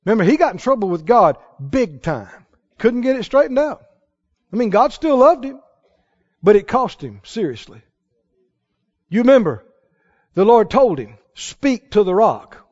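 A man preaching a sermon, dramatic and animated, quoting scripture and building to shouted peaks. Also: high-pitched, a little slow, long pauses, highs cut off.

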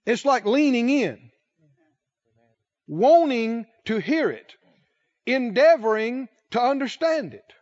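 A man preaching a sermon, speaking slowly and emphatically, drawing out key words and putting questions to the congregation. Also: very high-pitched, lively intonation, a little mellow, lo-fi sound.

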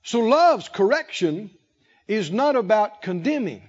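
A male pastor preaching a sermon, speaking slowly and with emphasis, pausing to let the congregation fill in key words. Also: sits high, sing-song. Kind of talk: sermon with call-and-response. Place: church sanctuary. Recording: lo-fi with long hall reverb.

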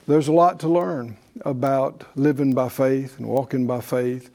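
A man's voice: mid-range voice, steady tone, a little slow, creaky, warm tone. A man teaching a faith class in a conversational sermon style, with frequent fillers and restarts, leading his audience in call-and-response.

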